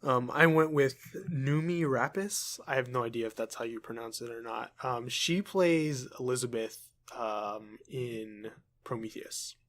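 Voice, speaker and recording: Young male co-host, mid-pitched voice, laid-back and hesitant, filler-heavy casual talk. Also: measured pace, hardly any pauses, fairly bright tone. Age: young adult. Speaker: podcast co-host. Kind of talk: casual chat.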